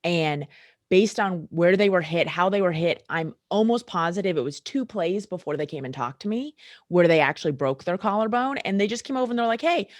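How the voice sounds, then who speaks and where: A middle-aged woman chiropractor, a guest on a casual podcast, telling sideline stories in an animated way and acting out the people in them. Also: lowish voice, a little fast, no echo, clean studio sound. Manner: animated storyteller who acts out the people she describes.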